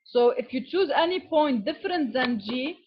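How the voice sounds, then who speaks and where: A woman's voice: high voice, animated, moderate pace, muffled recording, a little hiss or hum. A woman giving a classroom lecture as an engineering teacher, explaining step by step and often checking in with "okay?". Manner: switches to Arabic with students.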